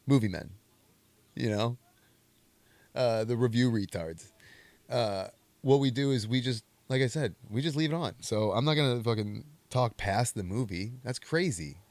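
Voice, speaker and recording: A man's voice: medium pitch, moderate pace, a little mellow, no echo. A young man hosting a comedy movie podcast, rambling and joking in a self-mocking way. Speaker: podcast host. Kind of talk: casual movie commentary.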